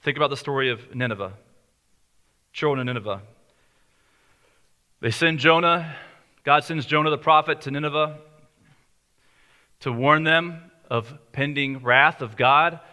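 A man preaching a sermon, his voice fairly high and bright. He talks in a conversational way and slows down to stress key lines. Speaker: pastor.

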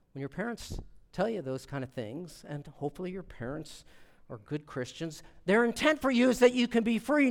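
A middle-aged man gives a sermon from the pulpit, his voice sitting a little high for a man. He preaches in an animated way, dropping low and then rising sharply as he acts out the people he quotes. A long reverb from the church hall trails each phrase. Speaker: pastor.

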